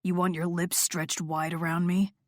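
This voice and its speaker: A woman's voice: on the low side, flat delivery, moderate pace, no room sound, studio quality, close to an everyday voice. A woman narrator voicing a confident, seductive male rock star who murmurs in a teasing, insistent way in an audiobook. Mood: murmuring. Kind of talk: audiobook character voice.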